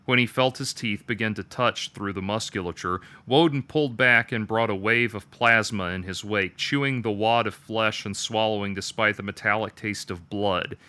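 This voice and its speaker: A man reading his own dark story aloud with a measured, detached delivery. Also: lowish voice, steady tone, no room sound. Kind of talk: dramatic story narration.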